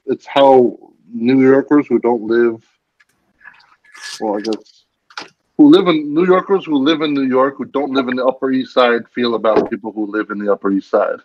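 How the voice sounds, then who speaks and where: A man's voice: mid-range voice, steady tone, normal speed, a little mellow, no room sound. A man hosting a casual group chat, rambling and restarting his sentences. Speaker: host. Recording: dull lo-fi sound.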